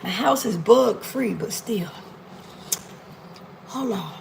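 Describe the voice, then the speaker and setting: A woman's voice: on the high side, expressive, slow, gravelly, darkish tone, a little hiss or hum, rough recording. A woman hosting a casual cooking livestream from her home kitchen, playful and teasing her viewers as she talks into her phone. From Miami. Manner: playful, teasing viewers, drawling African American Vernacular speech.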